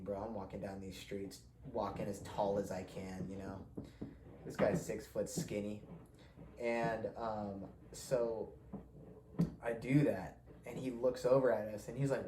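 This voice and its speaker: Casual young man, mellow voice, echoey room. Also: medium pitch, fairly even intonation, moderate pace, a little hiss or hum. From Mexican heritage. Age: young adult. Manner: profane, rambling, laughs often. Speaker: podcast host. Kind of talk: casual storytelling. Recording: echoey room with faint ambience.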